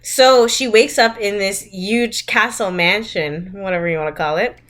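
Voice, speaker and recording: A woman's voice: medium pitch, moderate pace. Chatty, laughing woman podcast co-host. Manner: chatty, animated, laughs often. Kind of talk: casual chat, movie roast.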